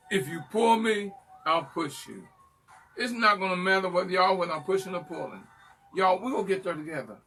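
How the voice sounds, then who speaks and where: A male host of a live call-in class with a folksy, teasing, animated manner. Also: high-pitched, a little fast, recorded from a distance, faint music behind.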